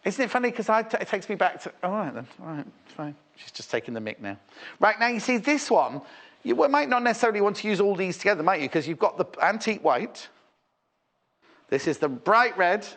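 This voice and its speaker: A British man with a fairly high voice hosts a live TV shopping slot. His pitch swings up and down constantly as he chats, rambles and sells with enthusiasm. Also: expressive, fairly quick, fairly bright tone. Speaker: shopping channel presenter. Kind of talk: live TV selling chat.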